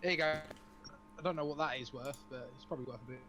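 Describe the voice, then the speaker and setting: A man's voice: mid-range voice, quick pace, sharp tone, soft background music, low-quality recording. A man playing a tabletop role-playing game, rambling and joking with the group. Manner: jokey, laughs often, rambling. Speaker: player. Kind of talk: casual tabletop game chat.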